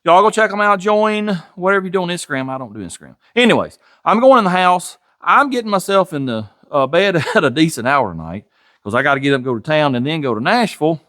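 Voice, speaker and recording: A Southern-accented garage channel host from Tennessee talks fast in a sing-song, fairly bright voice that sits a little high. He keeps his home-workshop vlog casual, folksy and self-deprecating, chuckling along the way.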